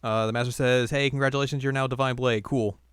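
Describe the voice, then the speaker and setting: A man's voice: medium pitch, brisk, fairly bright tone, smooth, no echo, voice pushed up, close to an everyday voice. A man voicing a laid-back sword mentor who hands out congratulations in a flippant, unimpressed way. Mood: offhand.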